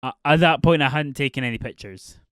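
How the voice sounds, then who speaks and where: A young man recounts a story on his podcast in a loose, rambling way, full of ums and restarts. His mid-pitched voice is smooth, and the recording is dry and close. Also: brisk, fairly bright tone, dry recording. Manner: rambling, many fillers and restarts. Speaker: podcast host. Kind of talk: casual storytelling.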